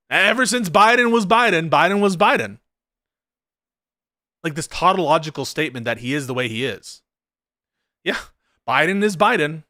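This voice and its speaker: A man's voice: medium pitch, pushed and bright, no room sound, studio quality. A man giving sarcastic, argumentative commentary on political clips, laughing at them as he goes. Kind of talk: casual reaction commentary.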